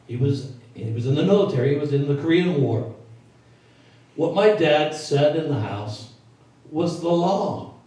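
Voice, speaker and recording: A man in his sixties, an oldies singer and entertainer, telling animated, folksy stories to a live audience at a performance venue. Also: fairly high pitch, a little slow, pauses often. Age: 60s. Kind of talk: stage storytelling to a live audience. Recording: echoey hall, mic from far off.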